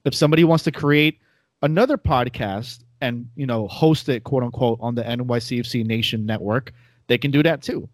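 A man's voice: mid-range voice, fairly quick, no echo. Nasal New man, casual chat. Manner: rambling, self-deprecating, laughs often. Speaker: podcast guest, former host.

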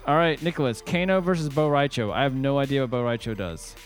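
A man's voice: mid-range voice, fast talker, faint music behind. A man hosting a casual podcast chat, joking around with crude humor. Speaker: podcast host.

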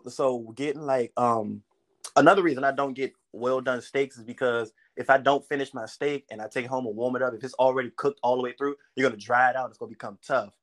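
A man's voice: medium pitch, steady tone, fast. A young man hosting a casual podcast, joking and trading slang-heavy banter with a friend. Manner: joking banter, lots of slang, bursts into laughter. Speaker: podcast host. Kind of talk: casual chat.

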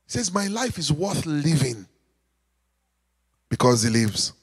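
A man preaching a sermon, animated, with call-and-response, sudden shouts and sung lines. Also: on the high side, takes it slowly, husky, long reverb tail. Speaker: pastor.

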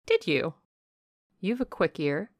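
A woman's voice: lowish voice, huge pitch swings, takes it slowly, no echo, clean studio sound, full character voice. A woman voicing a composed young woman who answers in a cool, curt, skeptical way. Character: composed young woman, calm and dryly unimpressed.

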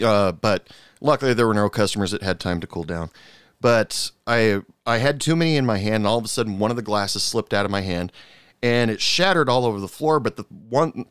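Low, smooth-voiced middle-aged man telling stories. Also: no room sound, studio quality. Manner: animated storyteller, rises sharply when annoyed, frequent fillers. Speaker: podcast host, bartender. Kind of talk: casual storytelling monologue.

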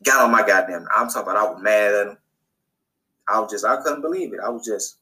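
A man's voice: fast talker, rough recording. A man hosting a podcast, recapping a TV episode in a casual, colloquial monologue and repeating phrases for emphasis. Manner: animated, acts out characters' lines in a higher voice. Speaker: podcast host.

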